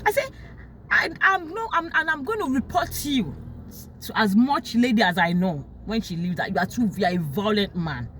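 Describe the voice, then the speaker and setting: Animated Nigerian woman telling a story. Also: mid-range voice, normal speed, a little hiss or hum. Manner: emotional, animated, quotes others in sharp raised tones. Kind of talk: casual personal storytelling.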